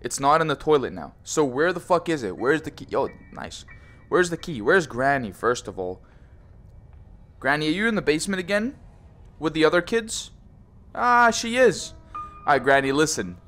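A man's voice: a little high, very animated, normal speed, a bit bright, faint music behind. A young man commenting on a horror VR game, joking, swearing and teasing, often saying bro. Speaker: gaming YouTuber.

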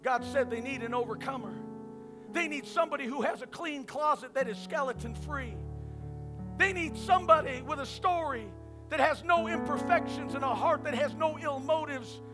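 A man preaching a sermon at a church service, swinging between fervent shouts and hushed, quiet passages. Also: very high-pitched, normal speed, music in the background. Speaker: pastor.

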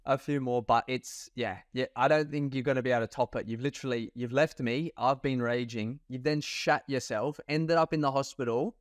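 A man's voice: mid-range voice, steady tone, brisk, hardly any pauses, no echo, clean studio sound. A young man co-hosting a podcast, chatty and laughing often as he teases his friend. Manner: laughs a lot, chatty and teasing. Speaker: podcast co-host. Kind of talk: casual chat.

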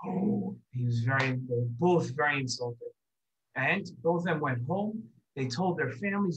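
Man, children's storyteller, slightly high voice, animated, does character voices. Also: moderate pace. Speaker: children's show host and storyteller. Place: synagogue video set.

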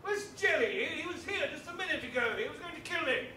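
Guy playing a pompous old major, plummy bluster, high voice, echoey hall, noisy. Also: expressive, quick pace, bright, forceful tone, distant mic, heavily acted. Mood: bombastic. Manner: plummy, bombastic, hesitant fillers. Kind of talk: amateur stage acting. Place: theatre stage. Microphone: far camera.

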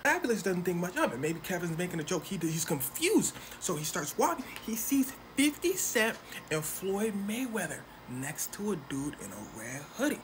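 Animated man telling a comic story. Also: high voice, background noise. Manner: animated, slangy, does quick voices for people in the story. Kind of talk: comedic storytelling narration.

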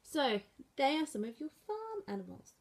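A woman teacher explaining sign language for animals, slowly and patiently saying each word aloud as she signs. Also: sits high, big pitch swings, darkish tone. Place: school room.

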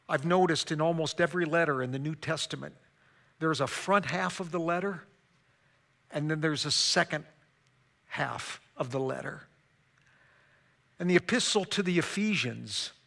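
Pastor guy preaching real slow, kinda high voice, dramatic, gets loud then goes all hushed. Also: vocal fry. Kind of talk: sermon.

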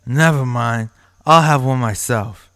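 A rambling drunk man who scolds in a loose, sloppy way, sitting a little above his reader's usual pitch. A man puts him on. The sound is dry and close. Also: unhurried, fairly bright tone, no echo. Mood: scolding.

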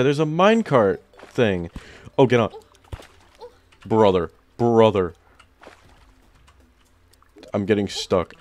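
A young man giving excited let's-play commentary, often jumping into loud, high-pitched outbursts. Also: unhurried, pauses often, no room sound. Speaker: gaming YouTuber.

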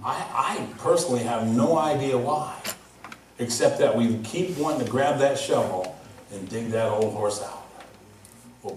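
A male pastor preaching a sermon, telling a story with lively, laughing delivery. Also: fairly low pitch, slight background noise. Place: church. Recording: echoey hall from far off.

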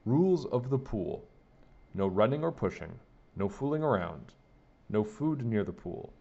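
A man reading a children's picture book aloud in a lively, sing-song way. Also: fairly low pitch, a little slow, creaky, breathy edge. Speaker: storybook reader. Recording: dull lo-fi recording.

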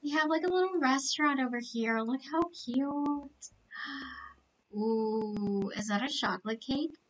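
A woman live-streaming a game, chatting to viewers in an excitable, gushing way full of gasps and exclamations. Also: sits high, measured pace, recorded from a distance, rough recording.

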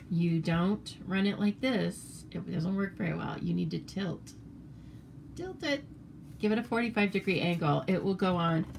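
A woman's voice: lowish voice, gravelly, a little hiss or hum. An American woman demonstrating papercraft cards in a casual, chatty tutorial, rambling with fillers and self-corrections.

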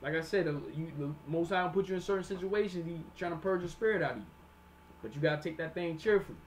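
Man, high voice, sermon teaching, slow verse reading, plain explanations, keeps checking in with listeners. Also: a little hiss or hum. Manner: reads verses slowly then explains in plain street talk; repeats "all right?" to check on listeners.

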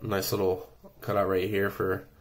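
A man's voice: deep voice, monotone, moderate pace. A man giving an enthusiastic, rambling review while unboxing a subscription knife, with many fillers and restarts.

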